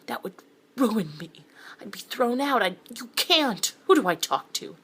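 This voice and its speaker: A woman's voice: sits low, brisk. A woman voicing a panicking man who stammers and pleads when cornered in a blackmail, then scoffs at the offer. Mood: panicked.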